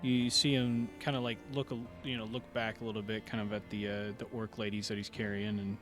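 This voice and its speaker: A man's voice: fairly low pitch, flat delivery, a little fast, over music. Hesitant male game master. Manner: hesitant narration with frequent "uh"s. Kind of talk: narrating a tabletop game.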